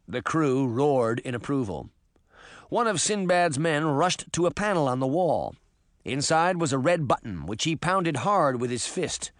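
A man narrating an audiobook in an expressive storytelling manner. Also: fairly high pitch, measured pace, no echo, studio quality. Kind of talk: scripted narration.

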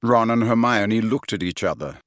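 A man reading a novel aloud as narrator, with expressive delivery. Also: fairly low pitch, moderate pace, no room sound, clean studio sound. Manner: expressive reading, many character voices. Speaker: audiobook narrator. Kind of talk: scripted narration.

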